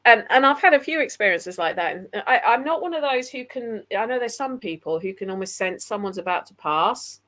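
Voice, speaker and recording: An English woman, a paranormal investigator, telling animated stories in casual conversation over a video call. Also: fairly high pitch, a little fast, hardly any pauses. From England. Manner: chatty, animated anecdotes. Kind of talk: casual storytelling.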